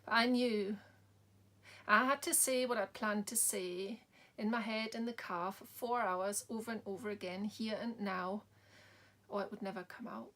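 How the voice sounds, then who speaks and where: A woman, a bereaved mother, tells a personal story in a soft-spoken way, sometimes dropping to a whisper. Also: mid-range voice, fairly even intonation, normal speed.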